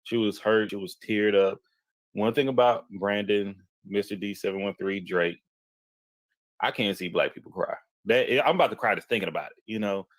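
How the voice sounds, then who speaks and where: A man with a fairly low voice tells a story in casual talk, full of restarts and sudden jumps in pitch. The sound is dry and close, with no room around it. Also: normal speed, dry recording. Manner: animated, repeats himself, jumps into quoted voices. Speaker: podcast host telling a story.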